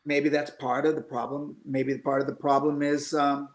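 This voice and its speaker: A man's voice: a little high, level tone, normal speed, roomy sound. A middle-aged man in casual chat, telling blunt stories, swearing freely and acting out the voices of people he quotes. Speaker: guest musician.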